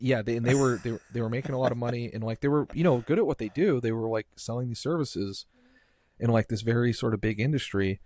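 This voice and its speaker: A man's voice: mid-range voice, fast, a little mellow. A man hosting a podcast in casual chat, rambling and restarting with lots of filler words. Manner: rambling, heavy use of filler "like", trailing restarts. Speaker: podcast host.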